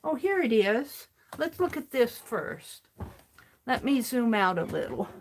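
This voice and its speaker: Woman, gravelly, slow-paced, crafting livestream host, muttering to herself, faint hiss behind. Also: fairly high pitch, very animated. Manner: slow, muttering to herself while working, greets chat warmly. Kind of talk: casual crafting livestream chat. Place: home craft studio.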